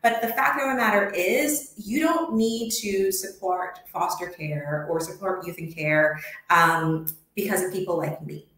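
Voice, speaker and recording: A woman's voice: on the low side, measured pace, fairly bright tone. A young adult woman from the United States, speaking passionately in a conversational interview, with many ums and restarts. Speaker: podcast guest. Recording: very echoey room.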